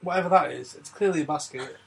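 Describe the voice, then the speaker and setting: A man's voice: fairly high pitch, quick pace, vocal fry. Dry, wry male commentator. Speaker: commentary co-host. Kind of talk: casual film commentary.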